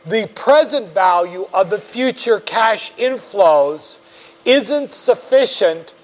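Male finance instructor, high voice, slow deliberate delivery, wry jokes, patient step-by-step teaching. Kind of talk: classroom lecture.

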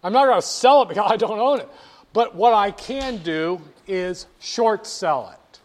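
A man's voice: sits high, expressive, a little slow. A man lecturing a class, stressing key words and having students repeat phrases back to him. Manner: emphatic, drills terms, asks students to repeat. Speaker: teacher.

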